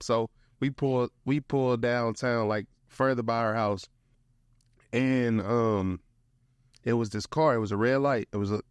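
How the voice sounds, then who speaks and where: A young man with a St. tells a story in a lively, slangy way, his voice sitting in the middle range. The sound is close and dry, with no room echo. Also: medium pitch, clear, resonant tone. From St. Louis, USA. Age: young adult. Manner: animated, slangy, peppers speech with "bro". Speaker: guest, motivational speaker. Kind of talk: casual storytelling.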